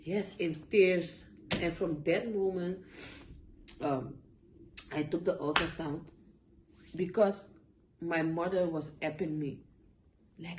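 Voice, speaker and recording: A young woman tells a painful personal story in a vlog, halting and tearful, with many fillers and restarts. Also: fairly low pitch, background noise. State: tearful at times. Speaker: vlogger. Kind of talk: emotional personal story time.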